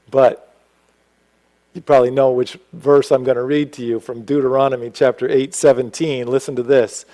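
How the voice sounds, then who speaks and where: A man preaching a sermon as pastor, animated and rising to emphatic exclamations. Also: medium pitch, normal speed, long pauses, poor audio.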